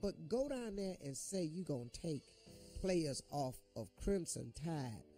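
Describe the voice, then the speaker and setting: A man's voice: fairly high pitch, very animated, measured pace, mellow, soft background music. A middle-aged man, hosting a morning radio show and delivering impassioned, preachy commentary.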